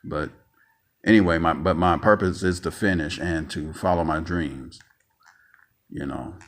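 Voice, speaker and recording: A man's voice: deep voice, measured pace. A man ranting angrily in a vlog monologue, profane and stammering, repeating himself and sounding emotionally tired.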